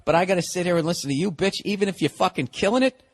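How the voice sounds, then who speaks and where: A man's voice: sits high, very fast. A man hosting a comedy podcast, delivering a casual monologue of profane, exasperated ranting.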